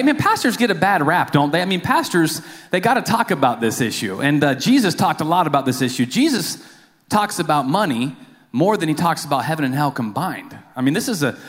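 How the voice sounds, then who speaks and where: A church accountant gives a lay sermon in a church sanctuary, his voice on the high side and a bit bright, echoing with the long reverb of a church hall. He's informal and self-deprecating, mixing jokes and stories with many fillers, asides, and restarts.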